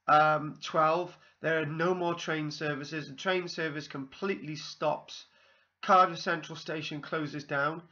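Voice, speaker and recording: Bright-voiced Welsh man rambling on. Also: on the high side, highs cut off. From South Wales. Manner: meandering, full of ums and asides. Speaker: vlogger. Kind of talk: rambling personal anecdote.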